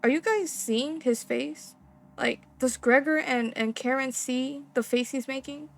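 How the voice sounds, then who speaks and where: A young woman playing a horror game, reading its text aloud and reacting with excitable, slangy, swearing commentary. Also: sits high, unhurried, creaky. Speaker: gaming streamer.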